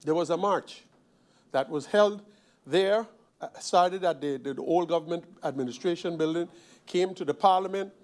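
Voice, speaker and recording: A man's voice: on the high side, normal speed. A man from Sint Maarten, a member of parliament, giving an emphatic parliamentary speech with repeated phrases and rhetorical questions. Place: parliament chamber.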